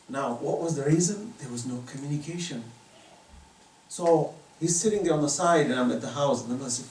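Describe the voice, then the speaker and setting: A man's voice: medium pitch, fast, gravelly. Impassioned male lecturer in an echoey room. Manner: impassioned, storytelling, varies loudness widely. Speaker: Islamic lecturer. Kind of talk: religious lecture. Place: private residence. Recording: echoey room from far off, faint noise.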